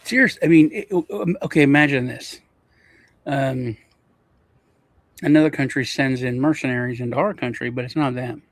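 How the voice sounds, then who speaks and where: A man's voice: medium pitch, moderate pace, pauses often, no echo. A man from Europe co-hosting a casual chat, rambling and repeating words as he restarts his sentences. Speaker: co-host.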